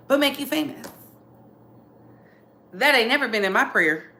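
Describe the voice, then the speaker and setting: A woman's voice: high-pitched, expressive, takes it slowly, long pauses, bright, forceful tone, roomy sound. A woman hosting casual celebrity gossip commentary, sassy and emphatic, repeating lines for effect. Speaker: commentary channel host.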